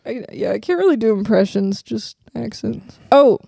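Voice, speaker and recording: A woman cohosting a comedy podcast, her voice fairly high but dark and mellow with a strong vocal fry. She talks in a loose, jokey way and laughs easily. The sound is close and dry. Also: expressive, no echo. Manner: loose and jokey, quick to laugh, swears casually. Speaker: podcast co-host. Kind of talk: casual comedy podcast chat.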